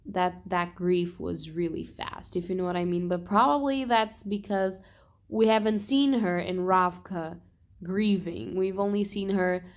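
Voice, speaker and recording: A young woman talking casually in a book vlog, animated and exasperated, swearing and laughing often. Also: fairly low pitch. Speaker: book vlogger.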